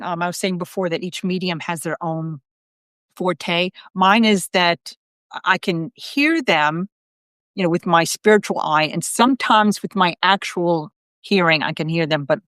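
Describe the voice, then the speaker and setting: A woman's voice: lowish voice, a bit bright, no echo. A woman psychic medium telling a story to viewers in a chatty live video. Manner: chatty, talks straight to viewers.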